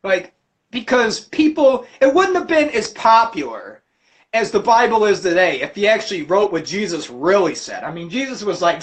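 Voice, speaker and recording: A man hosting a livestream, ranting about religion with constant cursing and animated storytelling. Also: high voice, moderate pace, slight background noise. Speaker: livestream host. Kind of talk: profane religious rant.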